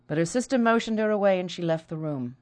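Expressive low-voiced woman narrator. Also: fast talker. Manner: expressive storytelling. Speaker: audiobook narrator. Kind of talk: scripted narration.

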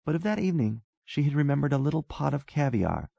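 A man narrating a story aloud in measured, even storytelling. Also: fairly high pitch, vocal fry, no echo. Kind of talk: scripted narration.

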